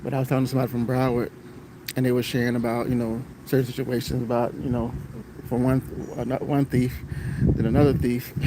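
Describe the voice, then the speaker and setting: A bus driver telling a rambling story on a live stream, repeating himself and greeting viewers as they join. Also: male voice, medium pitch, flat delivery, a little fast, noisy background. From Florida, United States.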